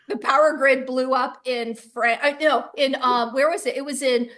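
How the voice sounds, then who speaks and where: A woman's voice: sits high, steady tone, unhurried, a bit bright. A woman chatting casually about spiritual topics, talkative and often laughing, over a video call. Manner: chatty, laughs often, acts out quoted voices. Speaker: co-host.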